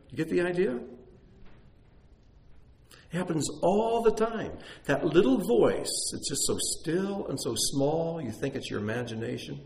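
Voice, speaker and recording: A man teaching a congregation in an animated, conversational sermon, with self-deprecating asides. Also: on the high side, a little slow, creaky. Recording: echoey room, faint noise.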